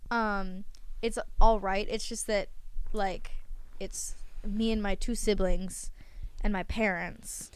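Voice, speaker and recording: A woman's voice: mid-range voice, flat delivery, takes it slowly, clear, resonant tone, no echo. A teenage girl chatting casually on a podcast, rambling through long explanations with plenty of fillers and running short of breath. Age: teens. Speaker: podcast guest. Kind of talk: casual chat.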